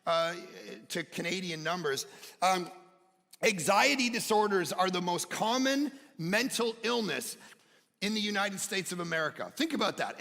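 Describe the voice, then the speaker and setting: A man preaching a sermon as pastor, animated, swinging between loud emphatic peaks and quiet low stretches. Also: vocal fry. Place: church sanctuary. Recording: church hall reverb.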